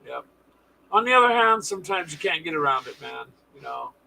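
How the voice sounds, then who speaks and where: A man's voice: on the high side, big pitch swings, brisk, gravelly, pushed and bright, slight background noise, rough recording. A man hosting a casual live stream, chatting with viewers in a folksy, sarcastic way.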